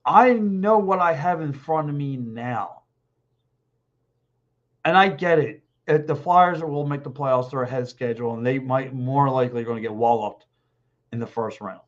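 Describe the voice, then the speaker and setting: A man in his fifties hosting a podcast, talking sports alone and reading out live comments, blunt and excitable, repeating himself, a little hoarse with a dry throat. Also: mid-range voice, moderate pace. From Philadelphia. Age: 50s. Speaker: podcast host. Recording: dull lo-fi stream audio.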